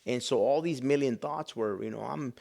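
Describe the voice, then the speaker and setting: A man from Chicago, a pastor and business owner, telling a personal story on a podcast with animated delivery, hushed whispered asides, and frequent "man". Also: medium pitch, moderate pace, creaky. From Chicago, USA.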